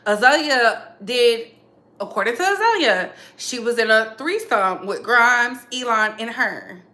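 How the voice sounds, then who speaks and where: High bright-voiced woman spilling celeb tea, sassy, echoey room. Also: lively intonation, unhurried. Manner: sassy, emphatic, repeats lines for effect. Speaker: commentary channel host. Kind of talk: casual celebrity gossip commentary.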